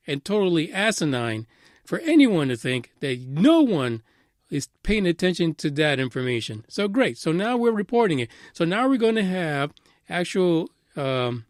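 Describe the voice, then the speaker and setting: A man with a high voice hosts a talk-radio style commentary, sounding sarcastic and exasperated and swearing freely. His delivery is loose and full of "uh" fillers. The sound is close and dry, with no room echo. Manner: ranting, sarcastic, profane; frequent "uh" fillers. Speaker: radio news show host. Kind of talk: casual commentary.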